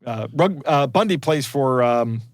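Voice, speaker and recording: A man's voice: mid-range voice, lively intonation, a little slow, dry recording, studio quality. A man co-hosting a podcast, chatting casually and digressing to explain technical details. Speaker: podcast co-host. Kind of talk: casual chat.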